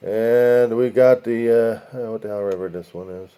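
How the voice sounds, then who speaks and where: A man's voice: mid-range voice, moderate pace, mellow, clear, resonant tone. A man hosting a casual video, talking viewers through a map in a rambling way, with profane asides and chant-like lists of places. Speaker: video host.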